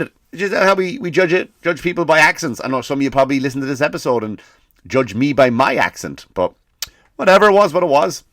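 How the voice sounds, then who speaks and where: A man hosting a comedy podcast, ranting casually with lots of swearing and animated storytelling. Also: fairly high pitch, quick pace, no room sound, clean studio sound.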